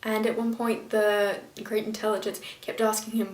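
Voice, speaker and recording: A woman's voice: mid-range voice, flat delivery, moderate pace, distant mic. A woman reviewing a TV episode in a casual vlog, rambling and exasperated, sometimes stumbling over names. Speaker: video reviewer. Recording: echoey room, a bit off-mic.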